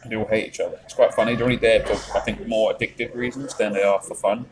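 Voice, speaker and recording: A man's voice: fairly low pitch, fairly even intonation, fast talker, noisy background. A man with a Yorkshire accent chatting on a live stream, rambling, swearing freely and reading out chat messages. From England.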